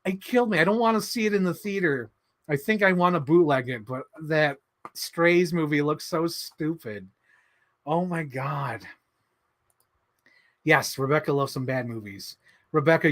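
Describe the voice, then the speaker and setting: A man hosting a casual livestream, answering chat in an animated, excitable way with many fillers. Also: mid-range voice. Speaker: livestream host reading chat.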